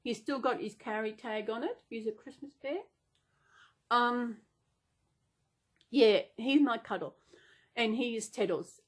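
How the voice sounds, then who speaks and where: A woman's voice: on the high side, unhurried, pauses often. A woman chatting casually and unplanned in a vlog, rambling and gushing with gasps and restarts. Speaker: vlogger.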